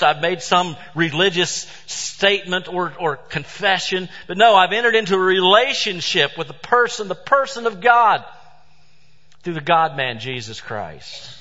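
Emphatic male preacher in a reverberant hall. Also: mid-range voice. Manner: emphatic preaching, swings between loud stresses and hushed asides. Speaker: pastor. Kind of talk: sermon. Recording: dull sound with long hall reverb.

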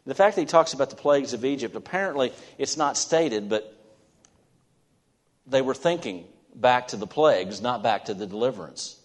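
Male pastor preaching, goes loud and punchy then drops real soft and slow, long echo like a big church hall. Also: mid-range voice, expressive. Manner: swings from loud emphatic stretches to soft, slow, quiet endings. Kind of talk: sermon. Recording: long reverb of a large hall.

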